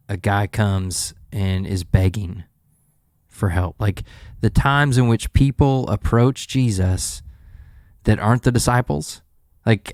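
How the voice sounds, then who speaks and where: A man's voice: lowish voice, smooth, no echo, clean studio sound. A man co-hosting a Bible podcast who retells scenes vividly, acting out what the people in them say. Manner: animated storyteller, acts out scenes. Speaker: podcast co-host. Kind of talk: casual Bible study chat.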